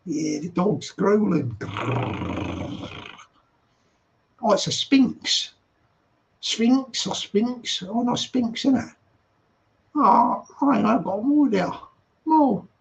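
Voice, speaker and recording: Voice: medium pitch, expressive, takes it slowly, creaky, a little hiss or hum. A live stream host, rambling and chatty while reading viewer comments late at night, laughing often.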